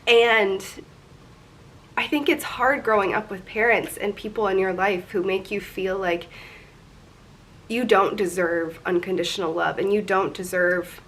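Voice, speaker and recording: A woman's voice: medium pitch, fairly even intonation, unhurried, a bit bright. A woman in her twenties talking candidly and emotionally in a personal confessional vlog, rambling a little as she goes. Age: 20s. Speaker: vlogger.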